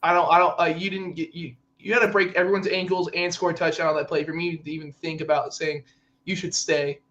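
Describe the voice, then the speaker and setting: Excitable man ranting about football. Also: fairly high pitch, muffled recording. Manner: ranting, exasperated, quick to quote players in mock voices. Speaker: podcast co-host. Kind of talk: casual sports chat.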